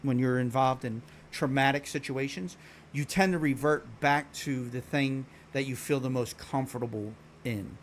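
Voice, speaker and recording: A man's voice: mid-range voice, slight background noise. A man from Philadelphia with a Philadelphia accent, chatting casually on a stream in a slangy, laid-back way and swearing freely. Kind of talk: casual chat. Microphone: streaming microphone.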